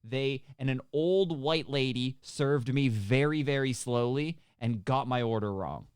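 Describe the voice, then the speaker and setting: A man's voice: mid-range voice, a little slow, darkish tone, clean tone, dry recording, studio quality. A young man, telling a rambling, profane story on a podcast and laughing often. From Canada. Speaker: podcast co-host. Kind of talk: casual chat.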